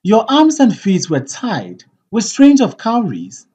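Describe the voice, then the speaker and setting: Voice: mid-range voice, wildly swooping pitch, slow pace, mellow, slightly rough, lo-fi sound, voice pushed up, full character voice. A reader voicing a frightened pleading hunter. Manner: pleading, earnest. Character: frightened loyal male hunter and old servant. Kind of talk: audiobook play reading.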